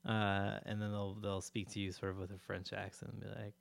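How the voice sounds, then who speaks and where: Low-voiced man telling a rambling story. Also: completely flat delivery, a little fast, vocal fry. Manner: rambling, many fillers and restarts, laughs often. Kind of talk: casual conversational storytelling.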